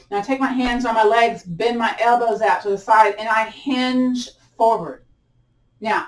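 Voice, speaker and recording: Chatty woman guiding chair yoga in an echoey room. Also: medium pitch. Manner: encouraging, chatty, with cheerful whoops. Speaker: yoga instructor. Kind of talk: guided chair yoga class. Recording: echoey room, voice a bit far from mic.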